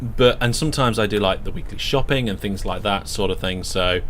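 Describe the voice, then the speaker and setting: A man's voice: fairly low pitch, brisk, a bit bright, a little hiss or hum. Man, British accent, live-stream gameplay commentary, chatty, thinking aloud. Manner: chatty, talks through each step, self-narrating.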